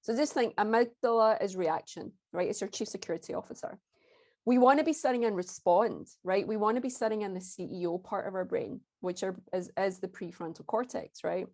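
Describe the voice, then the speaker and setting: A woman presenting a workshop talk, chatty and often checking in with "right?", who turns soft and soothing when guiding a breathing exercise. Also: medium pitch, a little fast.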